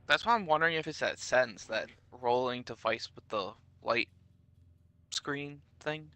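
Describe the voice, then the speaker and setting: Easygoing podcast co-host, man, bright and forward tone, dry close sound. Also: medium pitch, unhurried, no room sound. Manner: easygoing, agreeing, laughs along. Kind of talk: casual chat.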